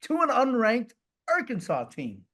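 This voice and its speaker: A man's voice: very high voice, wildly swooping pitch, measured pace, fairly bright tone. A man co-hosting a casual sports podcast, speaking conversationally and steering the talk to each new topic. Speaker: podcast co-host.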